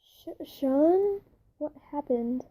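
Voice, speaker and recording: A woman's voice: high-pitched, level tone, unhurried, lo-fi sound. A woman reading a stammering young sister. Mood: scared. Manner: stammering, scared. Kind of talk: fan fiction reading.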